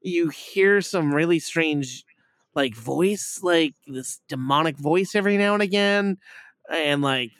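A man's voice: on the high side, slow, a bit bright, no room sound, studio quality. A man chatting casually on a podcast, rambling and swearing as he reviews a movie, with lots of fillers. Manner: rambling, profane, full of fillers. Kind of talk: casual chat.

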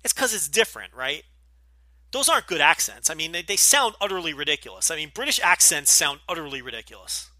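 Middle-aged podcast host from New Jersey, light Jersey accent, bright and sharp tone, blunt and profane, dry close mic. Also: male voice, fairly high pitch, sing-song, fairly quick, no room sound. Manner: blunt, profane, rambling with many fillers. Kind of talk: casual Q&A podcast.

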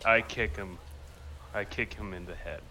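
A man's voice: fairly low pitch, moderate pace, bright, forceful tone, a little hiss or hum. A man playing a tabletop game, speaking bluntly and acting threatening in character. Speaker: player.

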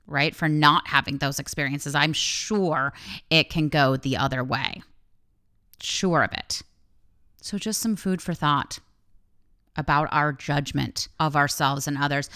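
Frank woman podcast host in her thirties, low and resonant, swears casually on a solo show. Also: clear, resonant tone. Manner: frank, animated, swears freely. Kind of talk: candid solo podcast monologue.

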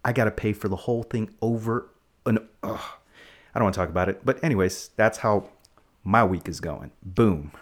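A man's voice: on the low side, fairly quick. A man hosting a casual podcast, rambling playfully and explaining facts to kids. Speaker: podcast host.

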